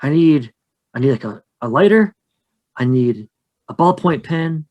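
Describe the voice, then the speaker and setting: A man's voice: on the high side, lively intonation, measured pace, a little mellow, muffled recording, voice pushed up. A man voicing a shy, huge, hairy male skunk ape who lives in a swamp cave, talking in a flustered, rambling, hesitant way. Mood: explaining.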